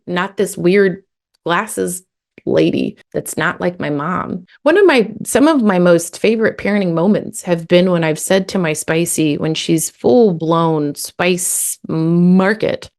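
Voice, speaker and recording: A woman's voice: lowish voice, slow, darkish tone. A middle-aged woman coaching a parent in a casual, direct way, acting out what to say to a child. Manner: casual, talks straight to a parent, acts out scripts. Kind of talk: live coaching session.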